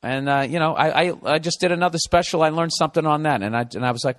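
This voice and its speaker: A man's voice: fairly high pitch, fairly even intonation, fast talker, few pauses. A man hosting a podcast, giving blunt advice in a casual rant full of swearing. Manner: blunt, swears constantly, riffs.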